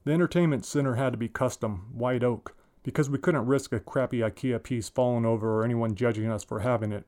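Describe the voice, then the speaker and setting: A man in his forties reading his own first-person short story aloud at an unhurried pace. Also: medium pitch, darkish tone. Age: 40s.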